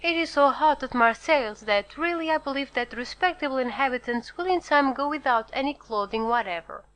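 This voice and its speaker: A woman's voice: high voice, a little fast, fairly bright tone, pitched above the performer's own voice, low-quality recording. A woman reading an audiobook, voicing a fawning, eager-to-please male innkeeper who talks in an effusive, apologetic rush.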